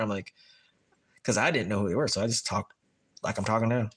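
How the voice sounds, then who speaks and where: A man's voice: lowish voice, fairly even intonation, a little fast, slightly rough. A man chatting casually on a livestream while tying fishing jigs, telling rambling stories full of fillers.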